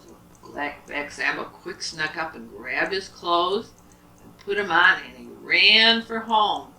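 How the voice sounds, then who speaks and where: A woman telling a children's story aloud to a child at home, animated and asking questions along the way. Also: lowish voice, slow pace. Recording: roomy, from a distance.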